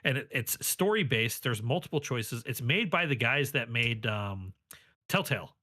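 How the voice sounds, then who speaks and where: A man's voice: mid-range voice, expressive, normal speed, sharp tone, no echo. A man co-hosting a podcast, chatting casually and enthusiastically, cracking jokes. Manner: enthusiastic, jokey. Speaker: podcast co-host. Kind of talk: casual chat.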